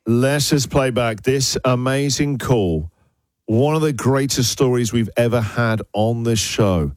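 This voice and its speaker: Excitable male radio host, dry studio sound. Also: medium pitch, a little slow, no echo. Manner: excitable, playful. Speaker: radio breakfast show host. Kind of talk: casual radio chat.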